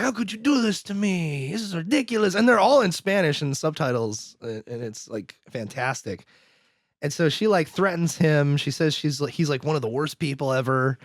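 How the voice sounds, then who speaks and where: A male podcast co-host casually recaps a movie, laughing and performing the characters' lines with animation. His medium-pitched voice comes through with studio quality and no room sound.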